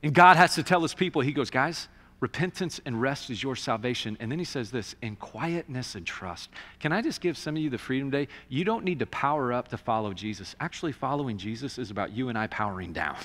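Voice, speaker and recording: A male pastor preaching a conversational sermon in a church, swinging between loud emphatic bursts and hushed, quiet passages. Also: medium pitch, animated, fast, few pauses, long reverb tail. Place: church sanctuary.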